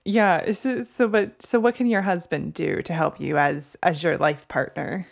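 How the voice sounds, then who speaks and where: A woman interviewing a guest, asking hesitant, halting questions. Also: lowish voice, fairly even intonation, vocal fry.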